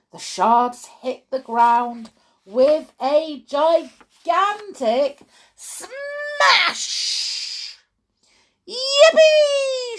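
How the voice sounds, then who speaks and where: A woman reads a children's storybook aloud, dragging each phrase out very slowly for effect. Her voice sits fairly high and swoops up and down with dramatic expression. Each sound word gets a full, playful punch. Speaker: narrator. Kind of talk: storybook reading.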